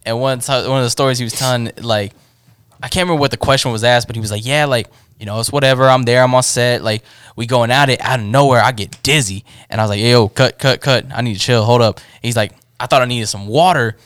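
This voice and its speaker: A man's voice: medium pitch, fast, a bit bright, clear, resonant tone, no room sound, clean studio sound. Man telling a story in a casual, profane way. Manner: loose, profane storytelling with acted-out quotes. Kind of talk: casual chat among friends.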